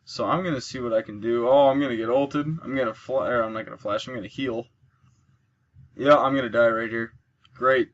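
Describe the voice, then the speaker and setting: This gameplay commentator talks briskly in a mid-range voice over dull-sounding audio, though he's yawning and clearly sleepy. His let's play chatter walks through his moves and mechanics, punctuated by excited bursts at each kill.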